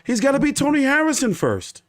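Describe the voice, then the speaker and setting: A man's voice: very high voice, wildly swooping pitch, fairly quick. A man hosting a boxing channel, ranting live with emphatic, profane repetition. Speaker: boxing YouTube host. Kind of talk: live boxing commentary rant.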